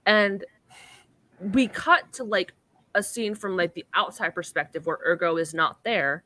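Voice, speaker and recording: A young woman on a podcast recaps an episode in a relaxed, chatty manner, her lowish voice unhurried, pushed and bright. She uses "like" as filler over and over and acts out the quotes.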